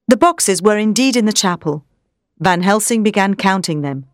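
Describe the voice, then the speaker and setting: A woman reading a storybook aloud as narrator, in a clear, expressive way. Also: medium pitch, normal speed, dry recording, studio quality.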